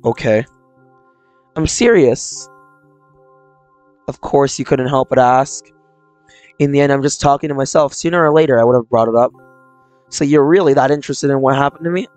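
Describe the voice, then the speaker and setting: A man reads the lines of a troubled, mentally ill young person from a visual novel, lightly acted in a subdued, confessional way. His medium-pitched, darkish voice moves at normal speed with frequent pauses. The recording is dry and close-miked with no room sound and faint game music.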